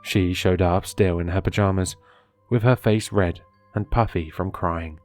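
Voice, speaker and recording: A man reading a horror story aloud in a steady, measured narration. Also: low voice, dry recording, faint music behind.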